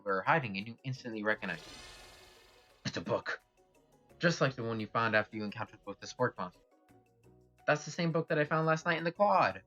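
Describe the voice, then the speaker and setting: A man's voice: medium pitch, a bit bright. A man narrates a story game in a casual let's-play style, with dry asides and swearing. His voice sits in the middle range, and the sound is slightly dull. Faint music plays behind him. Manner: wry, swears, comments aloud. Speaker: gamer reading a visual novel.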